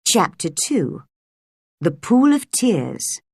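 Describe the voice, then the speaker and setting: A woman reading a simple storybook aloud for language learners, slow and clear. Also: medium pitch, big pitch swings, dry recording. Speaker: reader.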